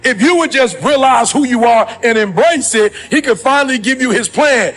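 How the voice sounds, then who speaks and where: A man's voice: very high-pitched, animated, moderate pace, fairly bright tone. A man giving an impassioned motivational speech with a preacher-like delivery. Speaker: motivational speaker.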